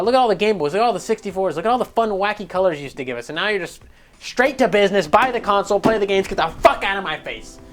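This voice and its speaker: A man rants through gaming news at a rapid clip, swearing freely and joking as he goes. His delivery is loose and animated, with faint music playing softly behind him. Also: sits high. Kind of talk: casual news rant.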